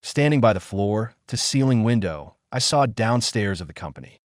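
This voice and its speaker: A man narrating a first-person story in an expressive, emotional reading. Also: on the low side, moderate pace, dry recording, clean studio sound.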